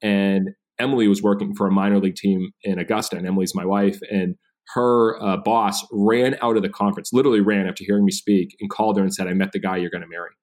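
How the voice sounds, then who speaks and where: A man in his thirties, a podcast guest, telling stories in a casual animated way and acting out quoted dialogue. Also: fairly low pitch, fast talker, hardly any pauses. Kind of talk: casual interview storytelling.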